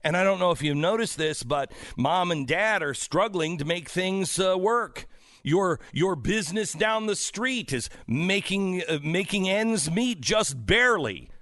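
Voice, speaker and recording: A man hosting a radio show, delivering a fervent, preachy political monologue that swings between shouting and hushed intensity. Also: sits high, expressive, a little slow, dry recording, studio quality. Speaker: radio host.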